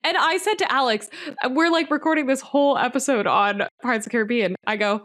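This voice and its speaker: A woman with a notably high voice, a guest on a casual film podcast. She tells her story excitedly, piling clause on clause. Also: fast.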